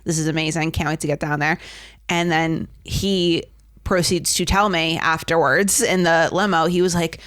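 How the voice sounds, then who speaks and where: A woman's voice: deep voice, fairly even intonation, moderate pace, a bit bright, no echo, studio quality. A young woman co-hosting a casual chat, telling a story earnestly. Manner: earnest storytelling, lots of affirming murmurs. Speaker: podcast co-host.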